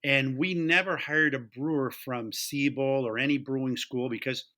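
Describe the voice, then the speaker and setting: A middle-aged man telling a story in casual conversation, animated and acting out the voices of the people he quotes. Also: mid-range voice, moderate pace. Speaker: guest, taproom owner.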